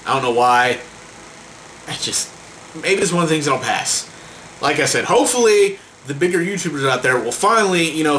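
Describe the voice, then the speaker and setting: A man's voice: on the high side, fairly bright tone, a little hiss or hum, low-quality recording. A man vlogging a heated rant to camera. He swears a lot and trips over repeated words in exasperation.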